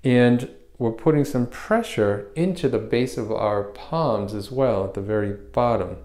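A man teaching a guided meditation, explaining hand positions and breathing slowly, step by step. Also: mid-range voice, reverberant. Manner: calm, step-by-step explaining with restarts. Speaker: meditation instructor.

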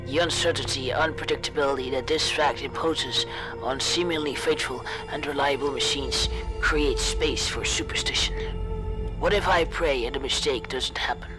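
A streamer voicing a middle-aged male scientist who muses in a low, hushed, half-whispered way. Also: moderate pace, over music, lightly acted, rough recording. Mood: musing.

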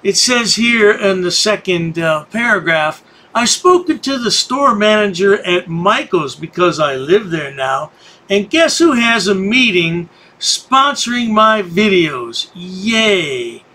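A man's voice: high-pitched, big pitch swings, slow, bright, forceful tone. A man hosting a commentary channel, mocking the people in the clips he plays with sarcastic remarks. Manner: sneering, sarcastic.

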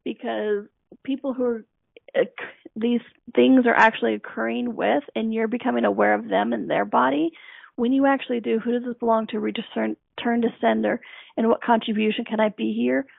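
Gravelly-voiced woman hosting a phone-line radio talk. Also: a little high, fairly even intonation, normal speed, no echo. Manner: earnest, coaching, repeats key phrases. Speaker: radio show host. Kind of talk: self-help radio talk. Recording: dry tinny phone-like line.

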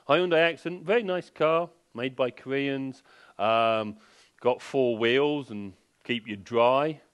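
A man's voice: medium pitch, a bit bright. A man giving a sleep seminar in a furniture showroom, joking and firing rhetorical questions at the audience. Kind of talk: public lecture to a live audience.

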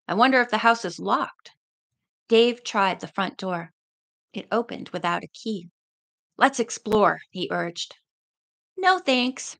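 A woman reads a mystery novel aloud in a mid-pitched voice with a gravelly, fried texture. She pauses to chat casually between passages before returning to the story. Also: animated, a bit bright. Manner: chatty asides between passages. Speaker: reader.

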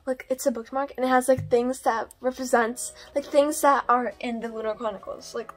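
Chatty teenage girl, high voice. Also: steady tone, normal speed. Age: teens. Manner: chatty, lots of "like" fillers. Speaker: book vlogger. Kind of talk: casual bookshelf tour. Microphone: phone.

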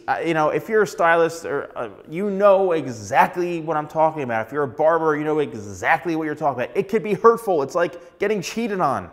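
A man who works as a hairstylist, giving casual, chatty advice to the camera and acting out little dialogues along the way. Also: a little high.

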